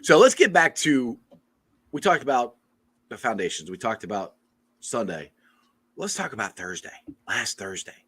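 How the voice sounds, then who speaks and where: A man's voice: medium pitch, big pitch swings, normal speed, long pauses, a bit bright, husky. A man co-hosting a casual sports podcast who teases his co-host and reads out viewer comments.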